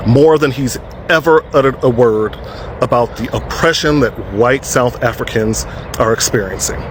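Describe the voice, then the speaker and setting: A man's voice: mid-range voice, noisy background. A man giving sarcastic, mocking commentary to camera. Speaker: social media creator.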